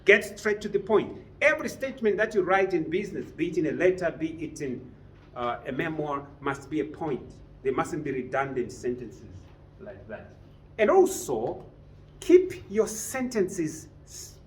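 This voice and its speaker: This business writing teacher lectures a class in a training room and often quizzes his students. His voice is a little high, and the recording carries a little hiss or hum.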